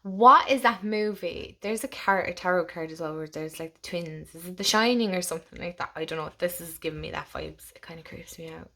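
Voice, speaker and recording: Chatty Irish woman, lowish voice. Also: fairly quick, few pauses. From Ireland. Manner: chatty, gushing, laughs often, drifts into soft whispers. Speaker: tarot channel host. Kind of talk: casual deck walkthrough.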